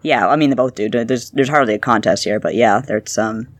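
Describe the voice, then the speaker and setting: A woman's voice: rumbling low, brisk, no echo. A woman from Canada co-hosting a casual podcast chat, agreeable and easygoing, laughing often. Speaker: podcast co-host.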